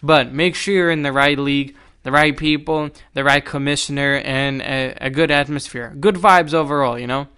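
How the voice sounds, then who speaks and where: A young man hosting a solo podcast, telling stories in an animated, exasperated way. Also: on the high side, normal speed, few pauses, clean tone. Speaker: podcast host.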